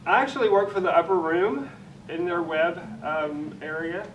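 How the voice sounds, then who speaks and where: A man's voice: high voice, animated, normal speed, dull audio. A middle-aged man telling family anecdotes at a church panel, laughing often. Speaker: drag nun guest. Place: large echoey church sanctuary. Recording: echoey room, distant mic, background noise.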